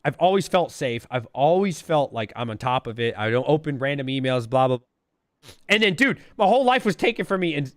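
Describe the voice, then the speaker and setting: A caller in his thirties tells a story in casual chat, constantly saying "bro" and "dude" and imitating alert sounds. His mid-range voice is expressive and fairly quick, recorded cleanly in a studio with no echo.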